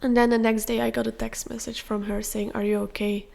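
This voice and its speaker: A young woman hosting a podcast, telling a personal story in a candid, confessional way with soft fillers. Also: a little high, flat delivery, a little fast, creaky. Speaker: podcast host.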